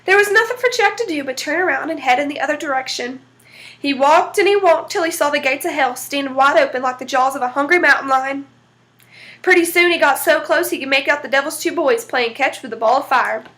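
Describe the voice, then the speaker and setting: High-voiced woman telling a folk tale. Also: fairly quick. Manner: folksy, lively storytelling. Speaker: storyteller. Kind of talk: folk tale read aloud.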